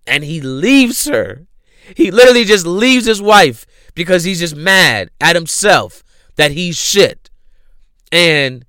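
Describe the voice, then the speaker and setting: A young man casually retelling a show's plot, animated, acting out the characters' lines with lots of slang and swearing. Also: medium pitch, clean tone, no room sound, clean studio sound.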